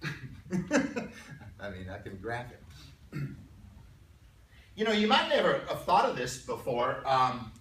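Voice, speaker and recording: A man teaching a calculus class, chatty and stumbling over repeated words, clearing his throat now and then. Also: mid-range voice, wildly swooping pitch, takes it slowly, pauses often, a bit bright, a little hiss or hum. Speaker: math teacher. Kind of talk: classroom lecture. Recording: echoey room, mic far off.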